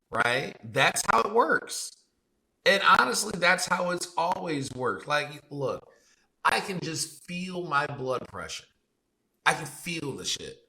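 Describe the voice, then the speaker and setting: A man's voice: on the high side, animated, takes it slowly, vocal fry, sharp tone, low-quality recording. Blunt, profane man ranting. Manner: blunt, profane, rhetorical questions. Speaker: podcast co-host. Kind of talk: heated commentary.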